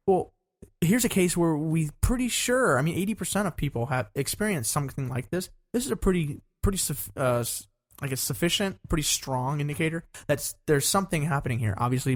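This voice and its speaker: A man of middle pitch talks about how the brain works with real enthusiasm. He mixes in jokes and teasing. His tone is loose and conversational. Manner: joking, enthusiastic explainer of science. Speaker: podcast co-host. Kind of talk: casual chat.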